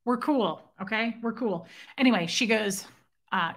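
Speaking at a measured pace, a livestream host chats from home in a mid-range voice that sounds pushed and bright. She tells a story with animation and thanks her viewers by name in this casual live-chat session.

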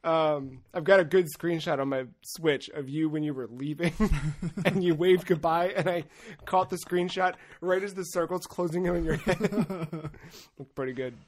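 A young man co-hosting a casual gaming podcast, an excitable storyteller who swears freely. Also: fairly high pitch, moderate pace. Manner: excitable storyteller, swears freely, acts out his own shouting. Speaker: podcast co-host.

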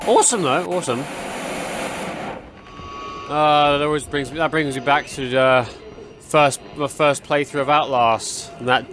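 A young gaming channel host rambles casually while playing a horror game, his voice a little high and a bit bright. He's unhurried and pauses often, chatty and easily startled, yelping and laughing whenever a jump scare hits.

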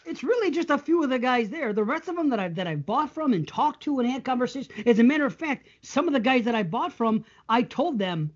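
A male podcast co-host tells stories in casual chat, laughing often. His voice is extremely high and sing-song, and he talks briskly with few pauses, though the recording is muffled.

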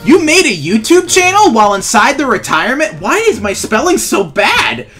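Lively, bright-voiced young gaming guy. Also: very high-pitched, normal speed. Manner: playful, sarcastic, often laughing. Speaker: gaming YouTuber. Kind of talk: gameplay commentary while trolling. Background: faint background music.

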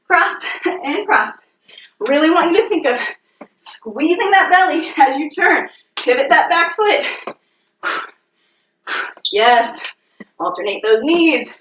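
A woman's voice: high-pitched, fairly bright tone, recorded from a distance. A woman fitness instructor leading a live-streamed workout, out of breath and sweaty, cheering and counting out reps with lots of energy. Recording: roomy, dull sound with faint noise.

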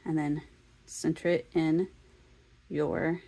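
A woman's voice: deep voice, level tone, slow, warm tone. A woman teaching a sewing tutorial, casually talking the viewer through each step. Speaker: sewing instructor.

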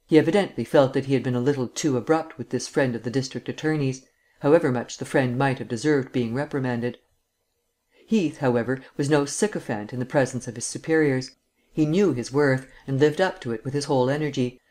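Man, audiobook narration, steady, even, literary. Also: mid-range voice.

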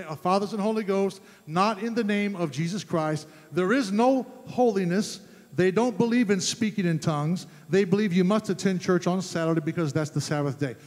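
Emphatic high-voiced male preacher. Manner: emphatic, rising to loud fervent peaks. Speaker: pastor. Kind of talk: sermon. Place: church sanctuary. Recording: long church reverb.

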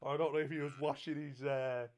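A man's voice: fairly high pitch, little pitch movement, a little fast. A young man making a prank phone call, stammering through a mock-earnest complaint full of slang.

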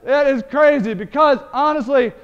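A man's voice: extremely high pitch, normal speed. A man hosting a web marketing show, talking emphatically about good and bad websites. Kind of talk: energetic video commentary. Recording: dull, roomy lo-fi web video audio.

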